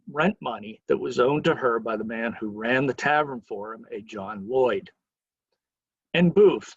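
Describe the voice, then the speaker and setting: A man with a husky, slightly raspy voice leads a history lecture like a lively story, sometimes slipping into the people he quotes. The sound is dry and close, with a dull, slightly muffled tone. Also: mid-range voice, dry recording. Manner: lively storyteller who acts out quoted lines. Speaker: museum educator giving a history lecture.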